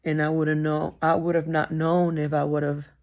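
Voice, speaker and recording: Woman, middle-aged, low voice, gravelly, candid personal vlog, emphatic repeats. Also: little pitch movement, moderate pace, a little mellow. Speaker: vlogger.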